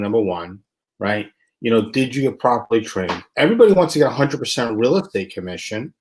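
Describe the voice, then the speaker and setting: A man hosts a casual interview, talking in a relaxed, conversational way before he turns things over with follow-up questions. His voice sits in a middle pitch range for a man. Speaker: interview host.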